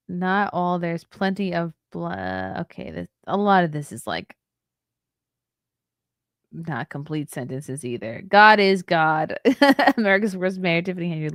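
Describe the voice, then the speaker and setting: A woman's voice: sits low, lively intonation, measured pace, pauses often, dry recording, studio quality. A woman in her thirties hosting a casual livestream, reading news aloud and answering chat messages with wry, chatty asides and a tired air. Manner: chatty and wry, laughs and ad-libs between reading. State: tired, yawning. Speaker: livestream host.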